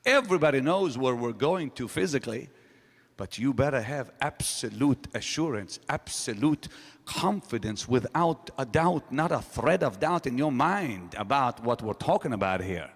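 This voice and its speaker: A man preaching a sermon to a congregation, emphatic, swinging from loud rising questions to low quiet statements. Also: animated, moderate pace, long reverb tail. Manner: emphatic preaching with sudden rises and drops. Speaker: pastor. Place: large hall.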